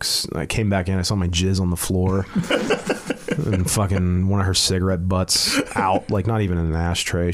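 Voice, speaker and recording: A man's voice: deep voice, slight background noise. A man in casual talk, telling a long story with stammered restarts, frequent swearing and chuckles between phrases. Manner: rambling, profane, stammering restarts, laughs mid-sentence. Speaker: comedian telling a story on a podcast.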